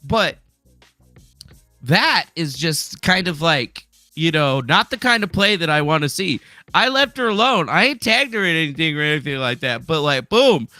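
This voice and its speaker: A man hosting a livestream, ranting in a heated, profane way and swinging into shouting. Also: high voice, dry recording, clean studio sound. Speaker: livestream host. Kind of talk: angry livestream rant.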